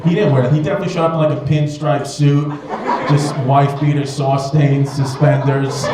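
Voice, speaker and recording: A man doing a stand-up comedy set with a slightly high voice, rambling and swearing as he riffs on the crowd. He is on stage with a handheld mic in a club that echoes. Loud audience laughter and room noise sit behind him. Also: steady tone, moderate pace. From United States. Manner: rambling, profane, riffing with the audience.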